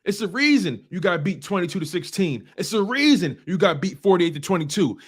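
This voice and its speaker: High-pitched animated man ranting on sports. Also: brisk, hardly any pauses. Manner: animated, preachy, repeats phrases for emphasis. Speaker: sports talk show host. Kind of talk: casual sports talk rant.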